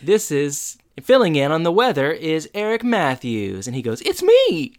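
A man co-hosting a podcast, retelling a TV episode in relaxed, casual storytelling. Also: a little high, normal speed. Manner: relaxed storytelling with fillers and laughs. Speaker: podcast co-host. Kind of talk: casual episode recap chat.

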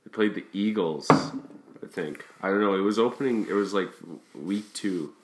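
A man's voice: on the low side, moderate pace, noisy background. Swearing man in an echoey room. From Canada. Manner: rowdy storyteller, heavy swearing. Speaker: podcast co-host. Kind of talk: casual chat.

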